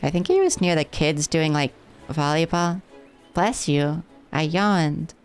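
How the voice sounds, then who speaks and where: A woman's voice: low-pitched, big pitch swings, unhurried, clean tone, soft background music. A woman streaming a game live, chatting playfully with her viewers as she plays. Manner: playful, rambling, chats with viewers.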